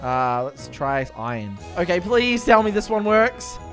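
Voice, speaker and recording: A young man playing a video game for the first time, commenting excitedly and panicking, shrieking and repeating himself when scared. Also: sits high, unhurried, soft background music. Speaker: gaming YouTuber. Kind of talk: casual gameplay commentary.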